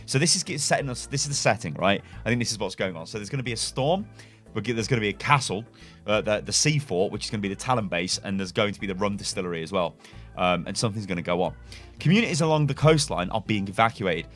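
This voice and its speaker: A man's voice: on the low side, expressive, fast, fairly bright tone, soft background music. A young man, a gaming YouTuber, casually reading game lore aloud and speculating, rambling with self-corrections and chuckles, at a desk webcam setup.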